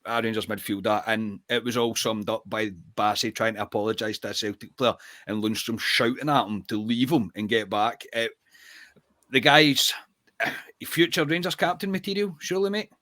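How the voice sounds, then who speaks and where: A man's voice: lowish voice, steady tone, normal speed, pushed and bright, no room sound, studio quality. A man hosting a football podcast, talking earnestly and building with enthusiasm as he praises players. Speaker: podcast host. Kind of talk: casual football chat.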